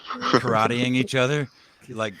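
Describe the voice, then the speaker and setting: Bright-voiced man rambling through a bit. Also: mid-range voice, steady tone. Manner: rambling, halting restarts, frequent "hold on". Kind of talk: crude comedic banter.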